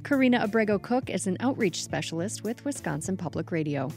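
A woman host and producer introducing and closing a public radio segment in a measured announcing style. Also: medium pitch, lively intonation, darkish tone, soft background music.

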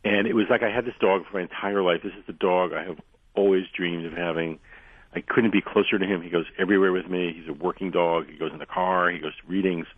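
A man guest on a radio show telling long anecdotes in a rambling way, losing his voice and clearing his throat often. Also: low-pitched, steady tone, fast talker, no echo. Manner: rambling anecdotal storyteller, frequent restarts. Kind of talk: radio interview, storytelling. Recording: dry narrow phone-line sound.

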